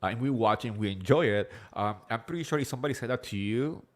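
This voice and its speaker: A man with an accent hosting a casual live recap chat, rambling quickly with lots of fillers and swearing freely. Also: medium pitch. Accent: non-native English accent. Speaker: host of a reality TV recap show.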